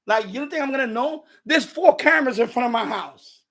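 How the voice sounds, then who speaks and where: High-voiced blunt man telling a story. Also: a little fast. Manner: blunt, profane, animated retelling of confrontations. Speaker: radio hobby livestream host. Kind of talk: casual livestream storytelling.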